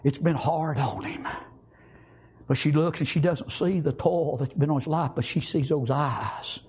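A man's voice: on the high side, a little slow, a little mellow, husky. A man preaching a sermon as a story, fervent and repetitive, punctuating it with amens and praise.

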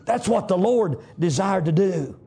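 A man preaching a fervent sermon, rising to shouts and punctuating with amens. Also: high-pitched, lively intonation, unhurried, slightly rough.

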